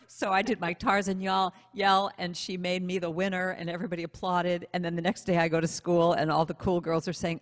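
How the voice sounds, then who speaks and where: A woman singer-songwriter telling a self-deprecating story in a casual online interview, in an animated way. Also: on the low side, fairly quick, hardly any pauses, big-room sound.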